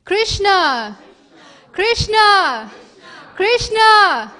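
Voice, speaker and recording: Woman playing an insistent indignant mother, loud calling, high voice. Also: lively intonation, a little fast.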